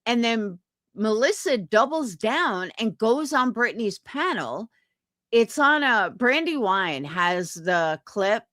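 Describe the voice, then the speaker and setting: A woman's voice: on the high side, lively intonation, slow pace, fairly bright tone, no room sound, clean studio sound. A young woman on a live stream, chatting casually with viewers and venting in indignant, profane talk. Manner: indignant, profane, quotes others in put-on voices. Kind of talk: casual chat stream, reading comments.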